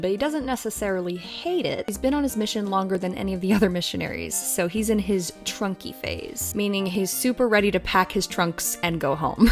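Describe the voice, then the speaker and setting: A woman hosting a film review channel, talking in a chatty, wry way. Her voice sits at a middle pitch and comes through clean on a close microphone. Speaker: video host reviewing a film. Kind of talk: casual commentary.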